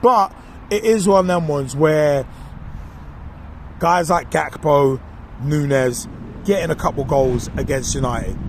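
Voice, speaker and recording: A man's voice: fairly high pitch, takes it slowly, long pauses, slight background noise. Gleeful man ranting about football. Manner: animated, mocking and gleeful. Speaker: podcast co-host. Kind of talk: casual football opinion monologue.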